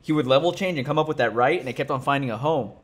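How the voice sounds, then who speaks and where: A man's voice: mid-range voice, very fast. Laid-back young man swearing casually. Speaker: podcast co-host. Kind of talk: casual chat.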